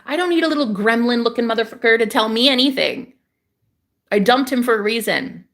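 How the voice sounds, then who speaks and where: Her voice is on the high side, animated and fairly bright, and she talks a little fast. A young adult woman vlogging about spirituality, she goes on a fiery, emphatic rant, swearing without restraint and repeating herself for effect.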